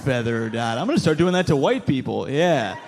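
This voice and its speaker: A man's voice: medium pitch, lively intonation, a little fast, background noise. A young adult man doing a stand-up set on a comedy club stage, with a wry, sarcastic delivery into a handheld mic. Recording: live broadcast set with crowd laughter.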